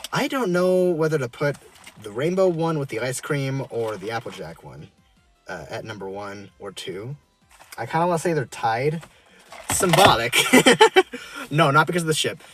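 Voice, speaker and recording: A man casually reviewing drinks from his car, halting and full of fillers and restarts, chuckling often. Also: medium pitch, big pitch swings, faint music behind.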